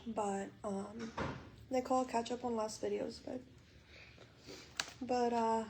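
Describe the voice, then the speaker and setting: Young woman vlogger, hospital room, angry and swearing as she vents; level, monotone voice. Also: on the high side, slow, slight background noise, low-quality recording. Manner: frustrated, swearing, quoting others in dialogue. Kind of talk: venting to camera.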